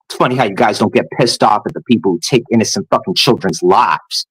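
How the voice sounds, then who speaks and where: Deep husky man ranting angrily. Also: fast, fairly bright tone, no echo, rough recording. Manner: heated, profane, scornful. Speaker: vlogger. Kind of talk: angry rant to camera.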